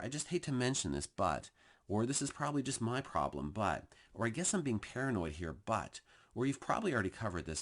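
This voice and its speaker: Deep-voiced man with very lively delivery. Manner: lively, emphatic delivery that acts out example phrases. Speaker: workplace communication trainer. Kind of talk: recorded training talk.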